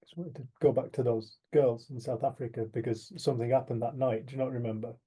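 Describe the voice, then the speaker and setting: Husky, mellow man chiming in. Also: mid-range voice, steady tone, fast. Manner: brief chiming-in remarks. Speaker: co-host. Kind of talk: casual conversation.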